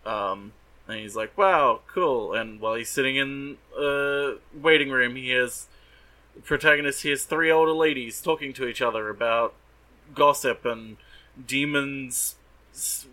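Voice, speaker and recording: A man's voice: medium pitch, fairly even intonation, unhurried, sharp tone, rough recording. A man co-hosting a podcast, recapping an anime in a sardonic, swearing, casual way and mocking the characters in put-on voices. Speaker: podcast co-host.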